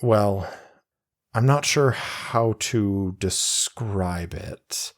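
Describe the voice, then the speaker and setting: A man voicing a secretive, quietly intense young woman with psychic powers, speaking softly and haltingly. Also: fairly low pitch. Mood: hesitant. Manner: soft, hesitant, halting.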